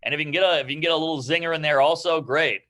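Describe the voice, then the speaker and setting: A man with a bright, forceful voice that sits a little high for a man. He talks brash and quick, swearing freely and mocking himself as he gives stand-up advice to a class. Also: steady tone. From New York. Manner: brash, rapid, profane and self-mocking. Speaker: guest comedian. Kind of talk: casual advice in an online comedy class.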